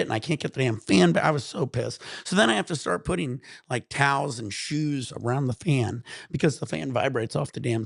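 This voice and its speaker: A man rambles through a loose, laid-back vlog chat, swearing freely and sounding high. His voice has a gravelly, creaky edge. It is recorded dry and close, with no room sound. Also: no room sound. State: high while talking. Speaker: vlog host. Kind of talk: casual chat.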